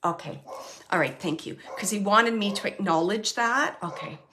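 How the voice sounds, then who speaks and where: A woman hosting a live mediumship reading, who speaks tentatively with many fillers and restarts and often sinks to a soft murmur. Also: medium pitch, normal speed, slight background noise. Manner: often drops to a soft, near-whispered murmur. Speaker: psychic medium host.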